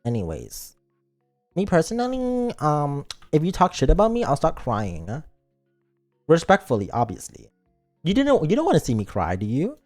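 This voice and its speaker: A man chatting on a game stream in a silly, joking and rambling way. His pitch swings widely, and faint music plays behind him. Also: wildly swooping pitch, moderate pace, a little mellow. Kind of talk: casual game stream chat.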